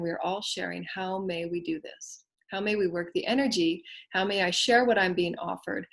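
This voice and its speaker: A woman giving a spiritual teaching talk, speaking in slow, repetitive affirmations that often drift soft and hushed. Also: lowish voice.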